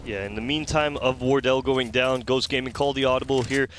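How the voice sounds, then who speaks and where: A man doing steady, explanatory play-by-play commentary on an esports match. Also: mid-range voice, brisk, slight background noise.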